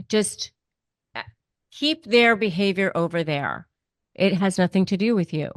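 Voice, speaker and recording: A woman host giving advice in an interview, emphatic and steady, repeating her key points for weight. Her voice sits in a middle range and comes across dry and close, with no room sound. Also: medium pitch, unhurried, pauses often, no echo.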